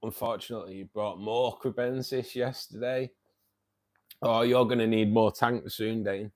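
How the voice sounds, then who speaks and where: A man's voice: lowish voice, fairly even intonation, moderate pace, darkish tone. A man hosting a casual livestream. He reads out viewers' chat, says "mate" a lot and laughs often. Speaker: livestream host reading chat.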